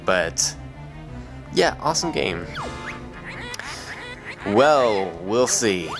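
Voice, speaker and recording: A young man with a deep, low voice rambles through a video game, joking and filling gaps with ums and uhs. Loud game music plays under his casual commentary. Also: animated, extremely slow. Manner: rambling, joking, lots of fillers. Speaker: let's play commentator.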